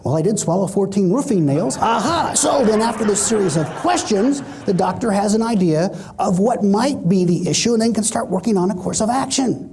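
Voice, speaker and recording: A middle-aged man giving a keynote speech on stage, an animated storyteller who acts out the voices he quotes. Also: high voice, moderate pace, hardly any pauses, slight background noise. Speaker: motivational speaker.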